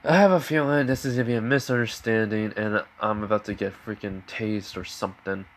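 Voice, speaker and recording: A man's voice: fairly low pitch, steady tone, fairly quick, close to an everyday voice. A man voicing a laid-back teenage boy hero. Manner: offhand, conversational. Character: easygoing teenage boy hero, casual and teasing.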